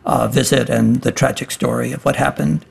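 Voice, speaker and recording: A man's voice: medium pitch, fairly even intonation, moderate pace, gravelly, slightly rough. A man guest in an interview announcing a talk, hesitant with frequent fillers.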